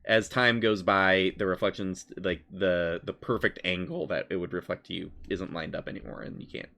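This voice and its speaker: A man's voice: sits low, fairly even intonation, moderate pace, sharp tone. A man narrating as dungeon master of a tabletop game, describing scenes loosely with fillers.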